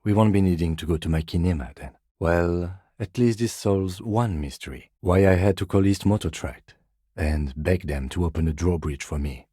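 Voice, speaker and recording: Stiff by-the-book game cop lieutenant, low husky voice, dark tone, dead dry close mic. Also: male voice, no echo. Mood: calm, formal. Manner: measured, formal, dry and restrained. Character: reserved, precise middle-aged male police lieutenant. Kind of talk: video game voice acting. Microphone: close studio mic.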